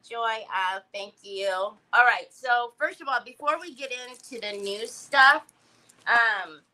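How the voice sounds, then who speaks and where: Bright, chatty woman livestreaming. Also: on the high side, low-quality recording. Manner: chatty, greets viewers by name, laughs often. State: recovering from a headache. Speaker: craft livestream host. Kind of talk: casual livestream chat.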